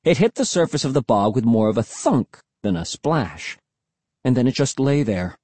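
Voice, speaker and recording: Husky, expressive storybook narrator, man. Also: medium pitch, moderate pace, no echo. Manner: lively, expressive reading. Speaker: audiobook narrator. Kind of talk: first-person storybook narration.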